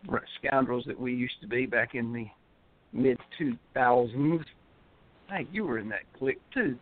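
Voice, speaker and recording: A man's voice: mid-range voice, moderate pace. A man who is a poet and regular caller, chatting in a rambling, upbeat way. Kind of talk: casual chat. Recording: tinny phone line.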